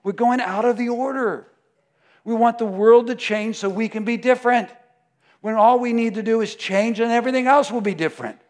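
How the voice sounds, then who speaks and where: A man preaching a sermon, emphatic, moving between loud declarations and hushed prayer. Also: very high voice, a little fast.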